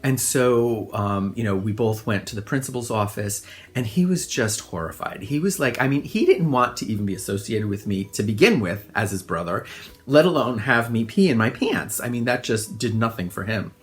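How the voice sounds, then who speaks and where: A middle-aged man telling funny childhood stories in a relaxed monologue, self-deprecating and often laughing. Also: fairly low pitch, moderate pace. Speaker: host. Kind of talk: casual storytelling monologue.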